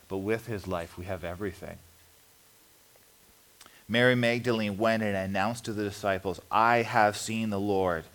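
Male pastor, lowish voice, earnest funeral sermon, soft hushed drops. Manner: earnest, drops to soft low tones, sudden high cries.

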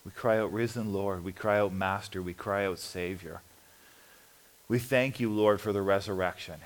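Earnest low-voiced male pastor. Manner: earnest, drops to soft low tones, sudden high cries. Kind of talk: funeral sermon.

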